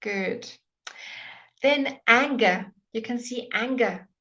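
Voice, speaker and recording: A woman's voice: fairly high pitch, slow pace, fairly bright tone, dull audio. A woman teaching English pronunciation in a live online lesson, patiently repeating each word many times.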